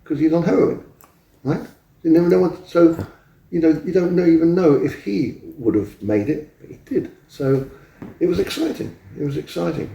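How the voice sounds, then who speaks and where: A man's voice: a little high, moderate pace, gravelly, dark tone, muffled recording. Older man in a roomy, distant recording. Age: 70s. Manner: rambling, acts out quoted dialogue. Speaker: interview guest. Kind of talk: anecdotal storytelling. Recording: roomy echo, distant mic.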